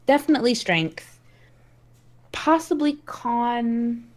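A woman's voice: on the high side, expressive, slow pace. A woman co-hosting a casual podcast, asking questions and chiming in with short acknowledgements. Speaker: podcast co-host. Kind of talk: casual chat about tabletop game world-building.

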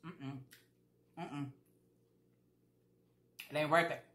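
A woman's voice: low voice, fairly even intonation, extremely slow, a bit bright, reverberant. Chatty woman eating and talking. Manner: chatty, eats while talking, repeats herself for emphasis. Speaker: vlogger. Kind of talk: casual mukbang chat.

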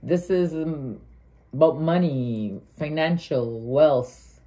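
Low-voiced Guyanese woman reading tarot. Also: slow pace, warm tone. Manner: earnest, heartfelt, thinks aloud with restarts. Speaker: tarot reader.

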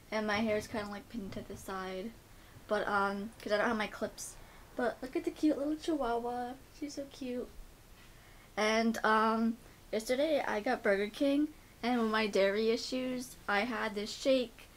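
A woman's voice: fairly high pitch, a little hiss or hum. A young woman vlogging casually, rambling with lots of "like" and "um". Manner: rambling, many "like" and "um" fillers; gushing baby talk to pets. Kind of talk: casual vlog chat.

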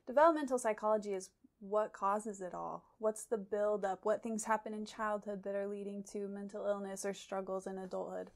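A young woman from Idaho, a graduate student, talks through an interview in a mid-pitched voice. She answers thoughtfully, pausing often with soft ums and small laughs between ideas. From Idaho, USA. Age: young adult. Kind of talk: conversational interview.

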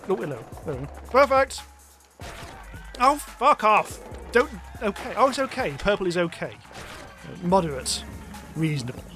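A man's voice: high-pitched, fairly bright tone. A man commentating a game he is playing, swearing frantically and mocking himself. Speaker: gamer. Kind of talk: let's play commentary. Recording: faint music behind. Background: game music.

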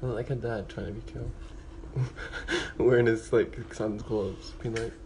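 A man's voice: lowish voice, steady tone, moderate pace, darkish tone, slight background noise. A man chatting casually on a phone livestream, playful and giggly, trading tongue twisters. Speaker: livestream host.

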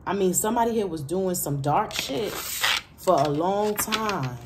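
A woman's voice: mid-range voice, animated, a little slow, background noise. A woman doing a casual tarot reading, chatty and emphatic, who repeats her phrases, laughs between remarks and speaks straight to her viewers. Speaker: tarot reader.

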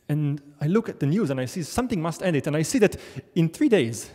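A man's voice: on the high side, expressive, fairly quick, few pauses, darkish tone. Wry male storyteller on stage. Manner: wry, self-deprecating, conversational. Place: large theater stage. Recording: long theater hall reverb.

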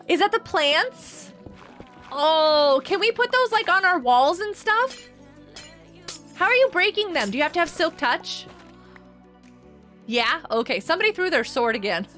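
A woman's voice: extremely high pitch, very animated, a little slow, long pauses, sharp tone, faint music behind. A woman hosting her own game server on a live stream, chatting casually with viewers, bubbly and giggly, reading their messages aloud.

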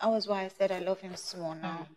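A woman's voice: mid-range voice, fairly even intonation, brisk, darkish tone, lightly acted. A woman playing a giggly, boastful wife. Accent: Nigerian. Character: spoiled wife boasting of two men.

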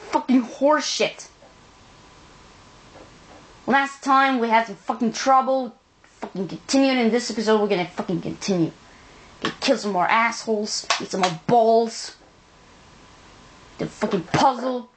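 A woman's voice: a little high, expressive, moderate pace, fairly bright tone, rough recording. A woman giving angry, swear-filled commentary while playing a video game. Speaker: let's play gamer. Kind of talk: gameplay commentary.

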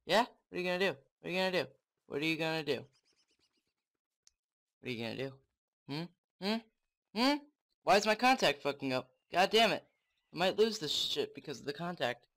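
A young man commenting on his own game play, excitable and swearing often, talking to the game. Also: fairly high pitch, normal speed, long pauses. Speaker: gamer.

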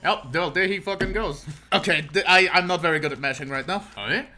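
Bright-voiced young man, excitable and profane. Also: sits high, brisk, slight background noise. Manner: excitable, self-mocking, swears often, laughs a lot. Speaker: gaming commentator. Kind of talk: let's-play commentary.

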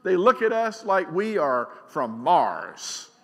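A middle-aged man preaching a sermon as pastor. He is emphatic, swings between loud and quiet, and keeps asking the congregation questions. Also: sits high, huge pitch swings, slow pace, vocal fry. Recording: long reverb of a large church hall.

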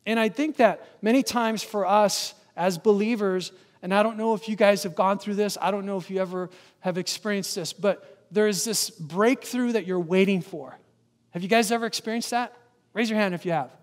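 A man preaching with a high, bright voice that carries through a reverberant church hall. He keeps turning to the congregation with questions and calls for their answers, then reads scripture aloud. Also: normal speed. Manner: engaging, asks the congregation questions. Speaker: guest pastor. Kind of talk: sermon. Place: church sanctuary.

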